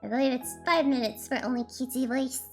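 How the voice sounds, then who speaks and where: A woman's voice: sits high, fairly even intonation, fast, soft background music. A woman streaming a game, reading its narration aloud and chatting playfully with laughter.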